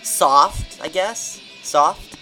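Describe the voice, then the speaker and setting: A young podcast host chatting casually, ranting in an animated way and reading out questions to co-hosts. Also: very slow, soft background music. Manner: animated, ranting, swings pitch widely. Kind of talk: casual chat.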